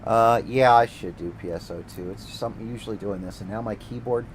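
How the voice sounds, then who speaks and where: A gaming streamer with a fairly low-pitched voice talks fast, ranting casually and sarcastically with lots of swearing as he plays. The recording is rough, with slight background noise.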